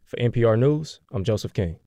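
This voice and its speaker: A male field reporter reading a scripted news report in a brisk, clipped way. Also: mid-range voice, animated, mellow. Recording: crowd noise from outdoor rally.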